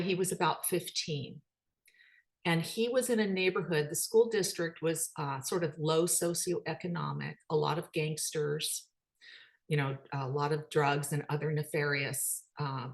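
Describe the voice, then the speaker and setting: A middle-aged woman telling a story in a talk, animated and acting out the dialogue, with many ums and uhs. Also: fairly low pitch. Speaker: speaker.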